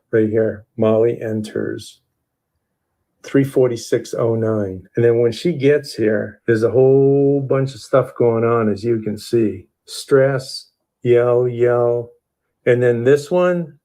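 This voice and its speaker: A man's voice: medium pitch, dark tone. Methodical man going through a timeline. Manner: methodical, lists sounds and timestamps. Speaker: true crime analyst. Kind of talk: walkthrough of audio timeline.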